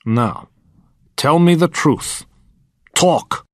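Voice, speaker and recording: A menacing villain who speaks in a cool, threatening way and gives orders calmly. The voice is husky and sits at a middle pitch, read by a man narrating a storybook. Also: measured pace, no echo. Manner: threatening, coolly commanding.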